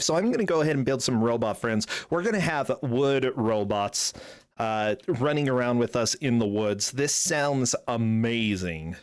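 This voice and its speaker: A man's voice: mid-range voice, expressive, normal speed, smooth. A man streaming a text adventure, commenting casually in a playful, joking way. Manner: playful and joking, with sudden loud outbursts.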